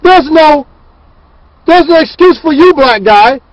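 A man's voice: extremely high pitch, lively intonation, a little slow, no echo, highs cut off. A man putting on a smug adult man who lectures down to others in a mocking tone. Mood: sneering. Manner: mocking, sneering.

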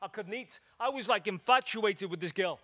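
This Liverpool man's voice is high-pitched and fairly bright, at a moderate pace. An evangelist, he preaches a storytelling sermon to an audience in a church meeting room, animatedly playing out the dialogue.

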